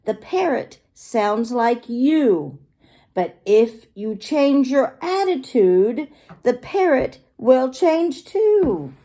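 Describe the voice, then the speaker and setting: A woman voicing a wise pirate queen who gives calm advice, in a children's storybook reading. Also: high voice, very slow, voice pushed up, full character voice. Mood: advising.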